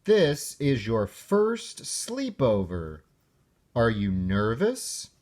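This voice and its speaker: A man reading aloud and voicing a caring frog mother who gently reminds her son of things. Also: medium pitch, huge pitch swings, extremely slow, exaggerated voice. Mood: gentle.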